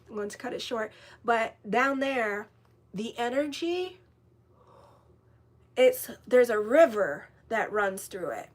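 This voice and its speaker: Woman astrologer, casual storyteller, somewhat high voice, animated and foul-mouthed, rambling. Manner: animated, blunt, swears freely, rambling with restarts. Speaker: astrologer and tarot reader.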